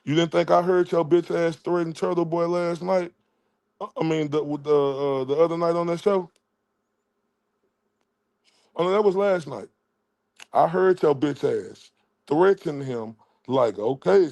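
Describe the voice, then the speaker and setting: Profane ranting man, gravelly voice. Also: on the high side, darkish tone. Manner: confrontational, profane, mocking. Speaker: livestream commentator. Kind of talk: heated livestream rant.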